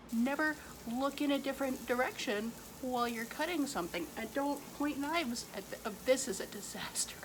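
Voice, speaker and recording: A woman's voice: fairly high pitch, noisy background. A woman hosting a casual cooking vlog in her home kitchen, chatty and self-mocking, laughing often. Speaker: cooking show host.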